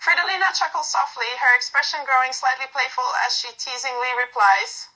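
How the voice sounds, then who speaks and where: A woman narrating a bright-voiced romance. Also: high voice, moderate pace, hardly any pauses, low-quality recording. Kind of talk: second-person romantic story narration.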